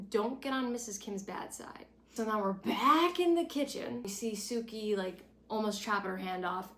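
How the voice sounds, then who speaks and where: A woman's voice: medium pitch, unhurried, fairly bright tone. A young woman giving a casual, sarcastic and opinionated recap, blunt and outspoken in tone. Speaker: recap vlogger. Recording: echoey room.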